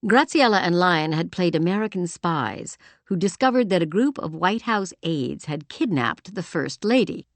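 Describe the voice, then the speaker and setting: Low-voiced woman reading a romance audiobook. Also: moderate pace, hardly any pauses, no echo. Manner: expressive storytelling. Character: emotional woman, heroine. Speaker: audiobook narrator. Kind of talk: scripted narration.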